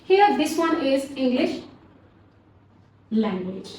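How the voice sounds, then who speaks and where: A woman's voice: high voice, big pitch swings, slow, a little mellow. A woman teaching English grammar, talking patiently and repeating words so learners can practice pronunciation. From Pakistan. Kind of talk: grammar lesson. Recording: roomy echo, faint background noise.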